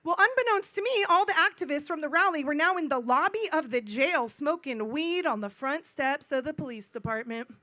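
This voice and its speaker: A middle-aged woman speaking at a conference, telling a personal story in an animated way, acting out dialogue and repeating phrases for emphasis. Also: sits high, moderate pace, hardly any pauses, dry recording. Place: conference stage.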